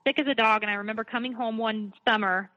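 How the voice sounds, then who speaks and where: A woman's voice: a little high, fairly even intonation, quick pace, sharp tone. A woman guest telling her own story in a candid, earnest, conversational way, often restarting her sentences. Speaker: interview guest. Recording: dull lo-fi sound.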